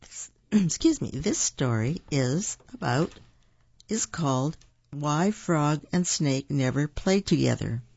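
A man's voice: a little high, expressive, slow pace, vocal fry, a little mellow, breathy edge, dry recording, highs cut off. A man reading children's stories and folk tales aloud, in an unpolished way, stopping to correct his own slips. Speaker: storyteller.

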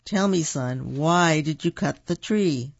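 A man's voice: fairly high pitch, creaky, no echo. A man reading aloud, voicing a stern but loving father from colonial times, with a slightly raised, firm voice on a dull, dry recording. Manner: stern, measured.

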